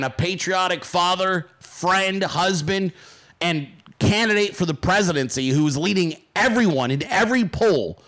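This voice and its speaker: A man's voice: fairly high pitch, a bit bright. A man hosting his podcast, delivering a heated political rant full of profanity and emphatic repetition. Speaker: podcast host.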